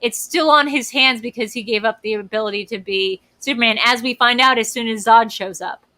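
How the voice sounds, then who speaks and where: A woman co-hosting a casual movie discussion, animated and swearing, acting out scenes in little voices. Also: fairly high pitch, fairly quick, no room sound. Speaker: podcast co-host.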